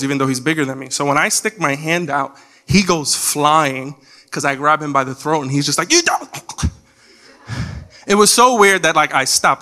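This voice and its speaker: Animated young man preaching a comic story. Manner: animated, comic storytelling with sudden loud high quoted shouts. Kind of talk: sermon storytelling.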